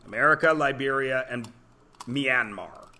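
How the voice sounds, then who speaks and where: A man's voice: medium pitch, measured pace, pushed and bright, a little hiss or hum. A man teaching a classroom lesson, joking, telling stories and quizzing his students. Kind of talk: classroom lecture.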